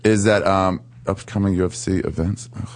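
A man's voice: deep voice, fairly even intonation, normal speed. A male comedian hosting a podcast, talking loosely and rambling, laughing often. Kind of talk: casual chat.

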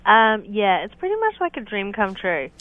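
A joking woman comes through a narrow, tinny phone line. She is an Australian actress calling in as a guest, and she keeps laughing easily as she tells her stories. Her voice sits at a middle pitch. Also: huge pitch swings, moderate pace, no echo. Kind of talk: casual phone interview. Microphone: telephone.

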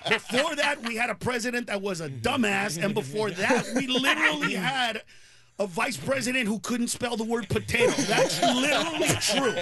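A middle-aged male comedian telling animated, ranting stories as a radio show guest, laughing at his own jokes. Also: extremely high pitch, normal speed, over a noisy crowd.

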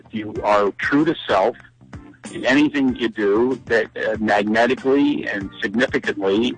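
A man's voice: on the low side, fairly bright tone, slightly rough, low-quality recording. A comedian with a Philadelphia accent calling in to chat, rambling and joking at his own expense. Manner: rambling, self-mocking, quick to joke. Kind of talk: casual phone-in chat.

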